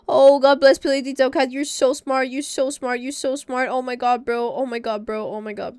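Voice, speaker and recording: High-ish voiced woman streamer, excitable, keyboard clacking behind, casual game chat. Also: brisk, few pauses, clear, resonant tone. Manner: excitable, repeats exclamations, sing-song humming.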